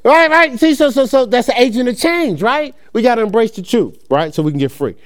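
Animated high-voiced male preacher. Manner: animated, conversational, acts out quick dialogues, laughs often. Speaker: pastor. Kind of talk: lively preaching sermon.

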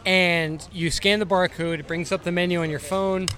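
Podcast co-host, male, chatty and rambling, pitched a touch high, recorded at a restaurant table. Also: fairly even intonation, normal speed, a bit bright. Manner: rambling, filler-heavy. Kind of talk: casual chat.

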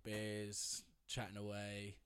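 A man's voice: fairly low pitch, completely flat delivery, slow, fairly bright tone, clean tone. A man telling a long rambling anecdote in casual chat, with lots of fillers and laughter. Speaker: storyteller guest.

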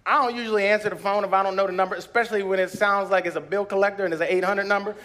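A male pastor preaching at a church retreat, telling personal stories with acted-out voices and bursts of shouted praise. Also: high-pitched, steady tone, rapid-fire.

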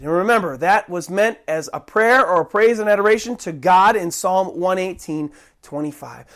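A preacher giving a sermon, emphatic, slowing down to stress key phrases. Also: mid-range voice. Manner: emphatic, shifting pace with slow stressed phrases.

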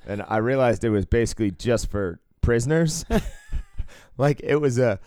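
A man's voice: medium pitch, animated, normal speed, dark tone, smooth, no room sound. A man from the Northeastern US telling a rambling, profane road-trip story in casual podcast chat. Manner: rambling, profane, laughs through stories.

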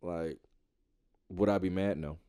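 A man co-hosting a casual talk show in a low, mellow voice. He talks loosely, swears freely and jumps into animated impressions of other people. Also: unhurried, clear, resonant tone. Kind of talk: casual chat.

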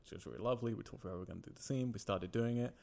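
Man, quick blunt chatter, rough gravelly low voice, swears freely. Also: dark tone. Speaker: filmmaker, podcast co-host. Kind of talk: casual chat.

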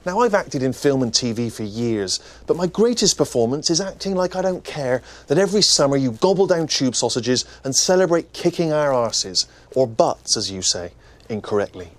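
An actor playing a cheeky English man mocking Americans in a comic ad, talking in a mocking tone. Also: fairly high pitch. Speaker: ad spokesman. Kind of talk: comic ad monologue.

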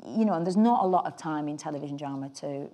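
A woman's voice: low-pitched, fast, warm tone. An actress with a Northern English accent, chatting in an interview and telling rambling anecdotes about her roles. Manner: chatty, anecdotal, trails off mid-sentence. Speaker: actress guest. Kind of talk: relaxed interview chat.

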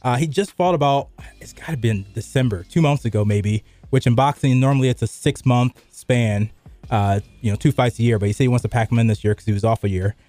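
A man's voice: mid-range voice, quick pace, dark tone, no room sound. A middle-aged man hosting a sports radio show, chatting loosely with lots of fillers. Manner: loose and rambling, many fillers. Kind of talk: casual sports radio chat. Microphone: studio microphone.

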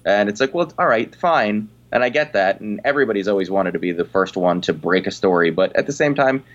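A comedian in casual chat, talking in rambling sentences full of "you know". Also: male voice, lowish voice, lively intonation, brisk, dull audio.

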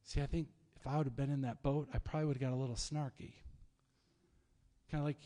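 A man's voice: mid-range voice, quick pace, pauses often. Preaching man in a reverberant hall. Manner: storytelling, animated, conversational preaching. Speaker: pastor. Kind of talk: sermon.

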